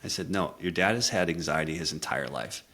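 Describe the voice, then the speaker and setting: A middle-aged communication coach with an extremely low voice tells an honest personal story, brisk and expressive. His tone is earnest and reflective, and he goes soft when the story gets emotional.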